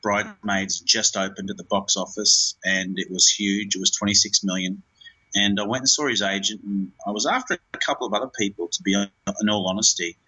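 A man's voice: on the low side, steady tone, brisk, pushed and bright, breathy edge, rough recording. A man, a film director, talking in an interview in a rambling way, with many fillers and restarts.

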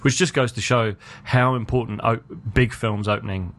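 A New man co-hosts a film podcast. He talks in a loose, opinionated way and often restarts his sentences. His pitch sits in the middle range. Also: fairly even intonation, normal speed, fairly bright tone. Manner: chatty, opinionated, frequent restarts. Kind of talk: casual film review chat.

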